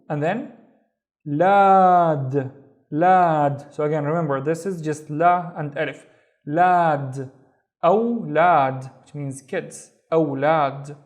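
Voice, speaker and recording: Male tutor with a slightly high voice, clear and patient, repeats each word for beginners. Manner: slow, clear, repeats words for learners. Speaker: Arabic teacher. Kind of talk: recorded language lesson.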